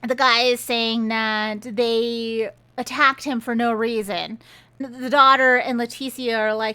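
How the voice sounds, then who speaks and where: Exasperated high-voiced woman ranting. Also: fairly even intonation, slow, bright, forceful tone, clear, resonant tone. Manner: exasperated, sarcastic, incredulous. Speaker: book reviewer. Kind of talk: casual ranting book review.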